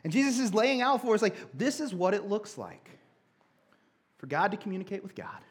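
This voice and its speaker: A young man preaching a sermon, telling a childhood story with animated, conversational energy. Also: high voice, fairly quick. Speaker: pastor.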